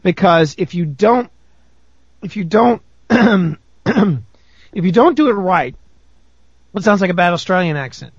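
A man with a high voice chats as a guest on a live stream, joking and rambling, stumbling over his words and restarting often. The sound is dry and close, with no room around it. The line is slightly muffled and lo-fi. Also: expressive, unhurried, long pauses, husky, no echo. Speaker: podcast guest. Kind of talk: casual banter on a live stream call.

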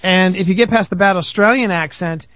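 A man with a high voice chats as a guest on a live stream, joking and rambling, stumbling over his words and restarting often. The sound is dry and close, with no room around it. The line is slightly muffled and lo-fi. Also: fairly quick, fairly bright tone, dry recording. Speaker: podcast guest. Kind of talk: casual banter on a live stream call.

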